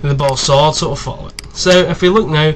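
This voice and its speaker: Chatty young man with a higher voice. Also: fast talker, a little hiss or hum. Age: 20s. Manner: chatty, rambling, swears freely. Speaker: video tutorial host. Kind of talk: casual screen-recorded tutorial.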